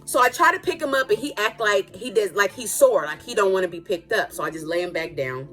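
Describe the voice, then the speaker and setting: A woman spins a casual storytime tale in a lively, dramatic manner, full of playful asides. Her voice sits at an ordinary middle pitch for a woman. Soft music plays quietly behind her. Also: brisk. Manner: animated, dramatic retelling with playful asides and laughs. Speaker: storytime vlogger.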